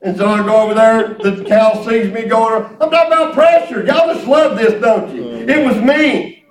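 Man, very high voice, animated sermon storytelling, distant mic, echoey church hall. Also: moderate pace. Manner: animated, exclamatory, laughing storyteller. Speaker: pastor.

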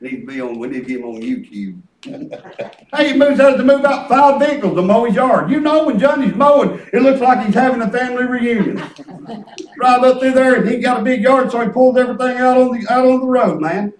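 A man preaching in a folksy, animated way, telling stories in a church. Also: very high-pitched, fairly quick, slight background noise. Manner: folksy, animated, peppered with "praise God". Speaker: pastor. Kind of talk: sermon storytelling. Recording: echoey church from far off.

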